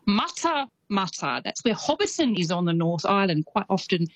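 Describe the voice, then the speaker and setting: A woman's voice: lowish voice, sing-song, a little fast, dry recording, dull audio. A middle-aged Australian woman with a slight Kiwi tinge, chatting enthusiastically as a radio show's New Zealand correspondent. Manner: chatty, enthusiastic, laughs easily.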